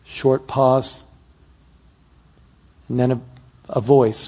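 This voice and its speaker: A man preaching a sermon, telling a story that builds to emphatic peaks and drops to soft, quiet moments. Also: on the high side, unhurried, long pauses.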